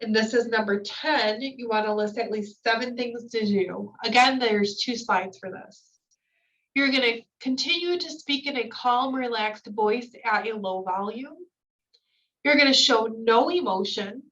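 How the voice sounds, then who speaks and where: Bright-voiced woman trainer, slightly distant. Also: fairly high pitch, a little slow, highs cut off. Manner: explains slide by slide with fillers. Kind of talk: recorded training lecture.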